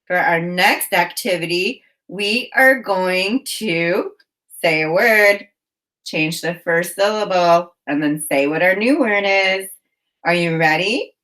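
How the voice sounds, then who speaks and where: A woman teacher leading a children's phonics lesson, speaking in slow, clearly enunciated prompts with encouragement. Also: lowish voice, fairly bright tone.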